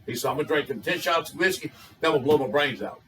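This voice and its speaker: A man's voice: a little high, quick pace, fairly bright tone, recorded from a distance, soft background music, poor audio. Older man telling raunchy jokes. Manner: folksy drawl, colorful storytelling. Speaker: joke teller.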